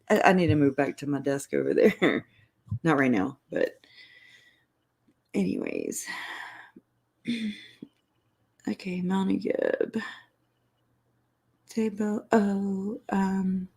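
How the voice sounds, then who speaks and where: A woman's voice: medium pitch, expressive, very slow, vocal fry, long pauses, a little mellow, breathy edge. A woman hosting a casual livestream, rambling and restarting her sentences, laughing between phrases, emotional and close to tears. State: tearful, emotional. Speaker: YouTube channel host.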